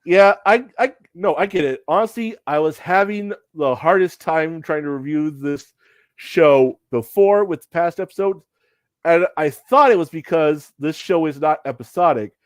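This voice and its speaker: A man's voice: a little high, dry recording. A man hosting a casual show review chat, blunt and profane, retelling scenes as he goes. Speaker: podcast host.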